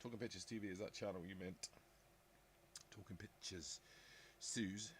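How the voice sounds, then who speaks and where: A middle-aged man from southern England hosts a live stream, casually rambling and musing aloud as he reads and answers viewer comments. His low voice has fairly even intonation at a normal speed, with a little hiss or hum in the recording.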